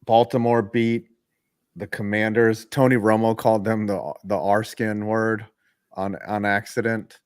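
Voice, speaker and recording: A man's voice: fairly low pitch, fairly even intonation, unhurried, smooth, dry recording, studio quality. A man hosting a casual live sports call, giving play-by-play in a joking, profane way. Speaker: host and play-by-play caller.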